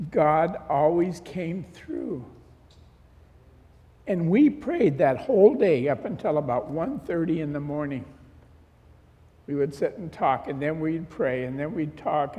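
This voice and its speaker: A middle-aged man gives sermon testimony in a fairly high voice, telling a personal story in an easy, conversational way. He acts out the back-and-forth dialogue as he goes. The sound rings with a long reverb, as if recorded in a church hall. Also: lively intonation, a little slow, warm tone. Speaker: pastor.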